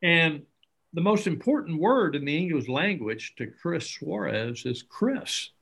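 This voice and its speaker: A man's voice: on the high side, a little slow, gravelly, slightly rough. Earnest middle-aged man telling stories. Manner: earnest, animated, acts out dialogue. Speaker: interview guest, charity founder. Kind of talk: conversational storytelling.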